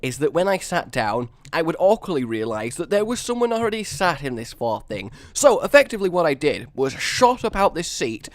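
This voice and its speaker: A man with a slightly high voice that leaps all over the place tells a rambling, self-mocking anecdote while building in a game. He is excitable and chatty, and the sound is close and dry with no room around it. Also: a little fast, hardly any pauses, no echo. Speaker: gaming video host.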